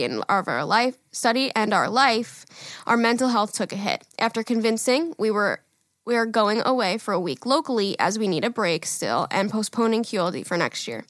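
A woman co-hosting a podcast, reading listener emails aloud in casual chat, excitable and swearing freely. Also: mid-range voice, no echo, studio quality. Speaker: podcast co-host.

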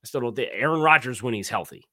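A man co-hosting a casual sports podcast, talking in a lively way with quick restarts and self-corrections. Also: medium pitch, no room sound, studio quality. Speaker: podcast co-host.

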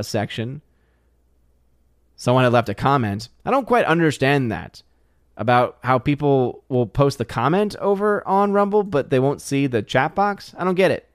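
A man hosts a livestream and chats through viewer comments in a loose, rambling way. He often stumbles and restarts his sentences. His voice sits in a middle pitch, recorded close and dry. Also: clear, resonant tone, no echo. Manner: rambling, halting restarts, chatty. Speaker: livestream host. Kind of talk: casual chat, reading live comments.

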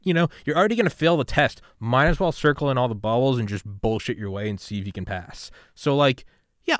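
A man hosting a podcast in casual talk, rambling and swearing, sliding between quiet musing and loud fired-up pep talk. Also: medium pitch, no room sound, clean studio sound. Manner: rambling, profane, swings from subdued to loud and fired-up. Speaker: podcast host. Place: home room with gaming setup.

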